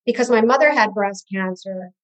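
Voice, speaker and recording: A woman's voice: medium pitch, normal speed, rough recording. An older woman, a podcast guest, telling her story hesitantly with many ums. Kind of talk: personal story in an interview.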